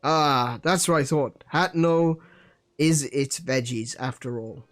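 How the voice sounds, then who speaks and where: A man's voice: medium pitch, slow pace, faint music behind, natural voice. A man voicing a plain-spoken male village pumpkin farmer while reading game dialogue aloud. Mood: matter-of-fact.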